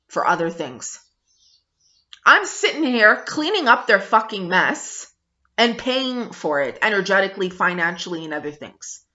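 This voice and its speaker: A woman's voice: mid-range voice, bright, forceful tone. A woman vlogger ranting bluntly to camera, emphatic and full of swearing, on a dull lo-fi recording. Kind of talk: angry review rant to camera. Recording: dull lo-fi sound.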